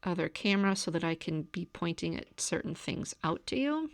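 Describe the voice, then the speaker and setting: Woman teaching a grammar lesson on camera, lowish voice, dry sound, walks through it slow and steady. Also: dry recording. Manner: calm, step-by-step explaining. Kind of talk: recorded grammar lecture.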